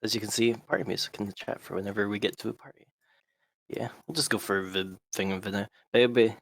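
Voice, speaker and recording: A man's voice: fairly low pitch, fairly even intonation, fast, vocal fry, dry recording. A man leads a tabletop game as its game master, chatting casually between sessions of play. His humor is wry and dry, and his voice sounds close and dry with no room around it.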